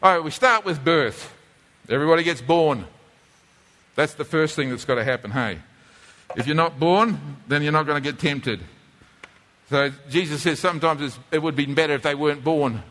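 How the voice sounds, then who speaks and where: Preaching a teaching sermon with the help of a drawing board, a man talks in a conversational way at a moderate pace, often repeating or restarting his words. His voice is high and a bit bright, trailing a long hall reverb.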